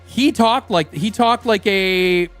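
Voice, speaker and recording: A man's voice: sits high, takes it slowly, fairly bright tone, smooth, faint music behind. A young Canadian man with a Canadian accent, chatting on stream, rambling and swearing freely as he tells a story. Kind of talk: casual stream chat.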